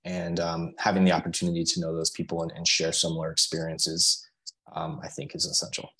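Guy w a really low voice, earnest, lots of ums and restarts. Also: completely flat delivery, sharp tone, breathy edge, poor audio. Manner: halting and earnest, many fillers and restarts. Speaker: podcast guest. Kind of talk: casual podcast conversation.

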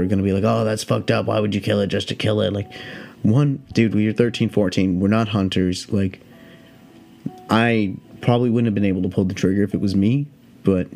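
A young man who is high, telling a rambling story in a laid-back, profane, meandering way. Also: mellow. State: high on cannabis. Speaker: podcast host.

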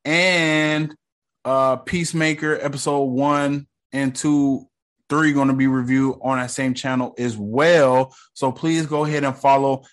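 A man's voice: medium pitch, fairly even intonation, unhurried. A man from the United States hosting a casual solo podcast, rambling in a laid-back, slangy way with lots of fillers. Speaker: podcast host.

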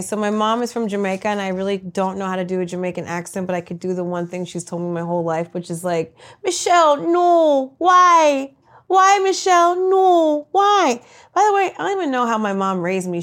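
A woman comedian answering rapid-fire interview questions with brash, crude, self-mocking punchlines. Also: fairly low pitch.

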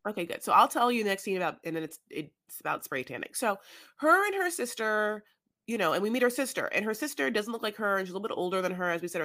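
A woman's voice: on the low side, bright, forceful tone. A woman co-hosting a podcast, recapping in a chatty, hedging way with plenty of "you know" and "like". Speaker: podcast co-host. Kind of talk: casual recap chat.

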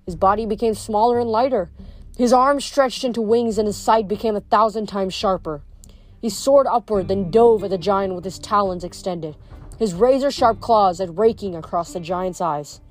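A woman reading chapters of a novel aloud, measured, with occasional small stumbles over words. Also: mid-range voice, a little mellow. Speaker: audiobook reader.

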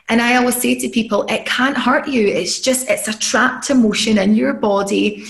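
A woman hosts a casual podcast chat, earnest and encouraging like a life coach. Her voice has a gravelly, fry-touched edge. It sits in a noticeably echoey room. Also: fairly high pitch, fairly even intonation, normal speed, hardly any pauses. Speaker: podcast host.

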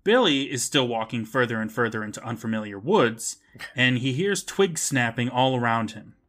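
A man co-hosts a podcast and walks through a TV episode's plot with dry humor. His pitch rises and falls a lot as he tells it, and his voice sits in a middle register. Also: animated, moderate pace, fairly bright tone. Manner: wry, narrates plot with joking asides. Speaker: podcast co-host. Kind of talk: casual recap of a TV episode.

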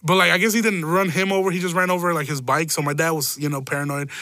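Man, young adult, casual rambling rant, heavy swearing, laughs often, bright tone. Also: a little high, steady tone, quick pace, no room sound. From Chicago. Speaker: podcast host. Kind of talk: casual solo storytelling rant.

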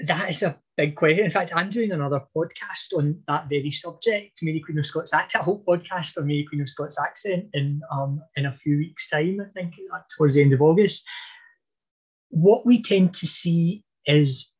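A man's voice: a little high, moderate pace, breathy edge. A man talking through history in a casual podcast chat, thoughtful and hesitant. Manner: thoughtful, hesitant with fillers and restarts. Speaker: podcast guest expert on history.

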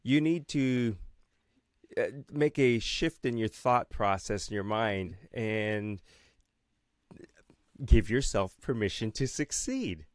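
A man's voice: lowish voice, takes it slowly, long pauses, no room sound, studio quality. A man hosting an interview, restating his guest's points and asking follow-up questions with frequent light laughs. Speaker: interviewer, host.

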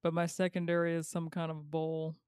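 A woman co-hosting a podcast in casual chat, making short deadpan remarks. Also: low-pitched, brisk, smooth, dry recording, studio quality. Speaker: podcast co-host.

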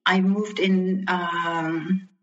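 A woman's voice: fairly low pitch, flat delivery, very slow. A woman in her fifties, a guest in an interview, telling her personal story earnestly and reflectively, with frequent ums and restarts. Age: 50s. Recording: dull lo-fi sound.

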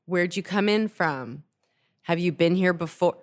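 A woman comedian chatting casually, joking about herself with quick asides. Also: fairly low pitch. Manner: self-deprecating, quick jokey asides. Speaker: comedian co-host. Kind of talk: casual podcast chat.

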